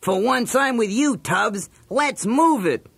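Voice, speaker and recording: Man doing a curt, scheming cartoon crook, pitched a bit higher, storybook tape. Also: animated, slow, gravelly, a bit bright, slightly rough, no room sound, studio quality, heavily acted. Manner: curt, bossy. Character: scheming bossy male villain, dismissive.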